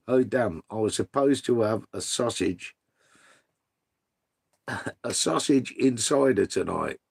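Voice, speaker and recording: A man's voice: lowish voice, expressive, takes it slowly, gravelly, pauses often, husky. A middle-aged man hosting a casual livestream, reading out viewers' messages. He calls people mate and son, and swears freely. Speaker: livestream host reading chat. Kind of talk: casual live chat.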